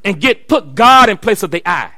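A middle-aged man, a pastor preaching a sermon, telling stories and building to shouted exhortation. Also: high-pitched, very animated, moderate pace, gravelly, no room sound. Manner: storytelling, rising to shouted preaching.

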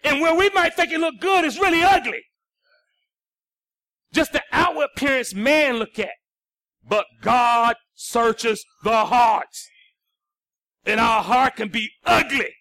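High, bright preacher swinging from shouts to hush. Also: male voice, takes it slowly, pauses often, dry recording, clean studio sound. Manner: preaching with sudden swings from shouts to hushed lines. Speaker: pastor. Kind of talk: sermon.

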